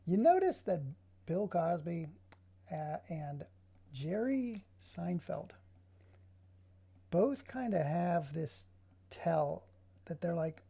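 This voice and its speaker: Gravelly, husky man ranting while working. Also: fairly high pitch, expressive, slow, pauses often, mellow. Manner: rambling, sarcastic ranting asides. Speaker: digital artist streaming his work. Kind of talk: casual running commentary while working.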